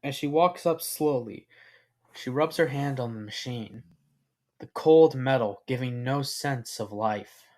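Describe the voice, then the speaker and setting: Slow unpolished man reading a story. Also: medium pitch, darkish tone. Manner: unhurried with halting restarts. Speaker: narrator. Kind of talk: reading a fan fiction story aloud.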